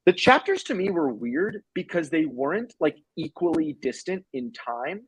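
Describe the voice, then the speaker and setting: A young adult man co-hosting a casual movie review chat, animated and swearing casually as he retells scenes. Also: a little high, moderate pace, breathy edge, no room sound, rough recording. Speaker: film review podcast co-host.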